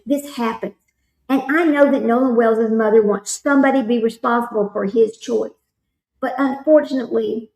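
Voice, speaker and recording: A chatty woman talks casually to her stream audience, wandering from one thought to the next. Her voice sits a little higher than most. The room around her has a noticeable echo. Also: darkish tone. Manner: rambling, chatty, reads chat comments aloud. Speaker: livestream host commenting on a trial. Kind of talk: casual chat with live chat readers.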